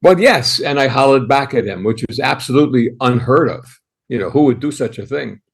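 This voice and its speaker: An old man in his eighties with a Bronx accent tells stories as a guest. He talks animatedly, stumbling over restarts as he goes. His voice sits at a middle pitch. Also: brisk, gravelly, husky. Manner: animated, full of restarts and acted quotes. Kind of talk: anecdotal storytelling.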